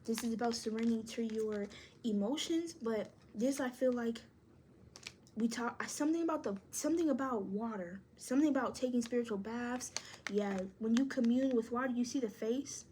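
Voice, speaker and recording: A woman's voice: on the high side, moderate pace, mellow, slight background noise. A woman reading tarot to camera, encouraging and speaking straight to the viewer, thinking aloud as she pulls cards. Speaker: tarot reader.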